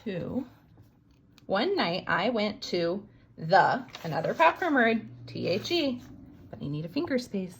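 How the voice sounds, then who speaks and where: A woman teacher modeling sentence writing for young students, slowly sounding out letters and syllables. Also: mid-range voice, sing-song, slight background noise.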